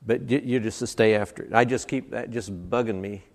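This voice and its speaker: A man's voice: lowish voice, fairly quick. A man preaching a sermon at a church service, emphatic and building points through stacked, repeated phrases. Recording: long hall reverb.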